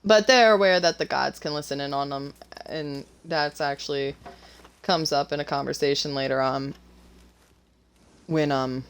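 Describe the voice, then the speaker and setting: A woman's voice: sits low, moderate pace, long pauses, slight background noise. A woman author chatting casually about her story while gaming, nervous and rambling with lots of fillers and restarts. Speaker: author and co-host.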